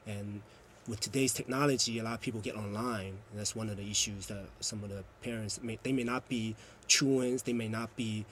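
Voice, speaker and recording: A man's voice: on the low side, fairly even intonation, brisk, fairly bright tone, a little hiss or hum. A man, a youth program coordinator, earnestly explaining at length in a TV interview. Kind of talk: TV interview answer.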